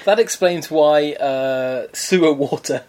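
A man chatting casually with a fellow host. His voice sits fairly high. He laughs often and slips into a mock-serious explaining tone. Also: takes it slowly, a little mellow, slight background noise. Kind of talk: casual comedic chat.

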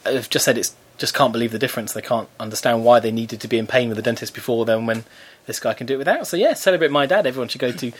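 A man's voice: medium pitch, fast talker, breathy edge. A man co-hosting a podcast, telling a self-mocking story in casual, playful chat. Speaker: podcast co-host.

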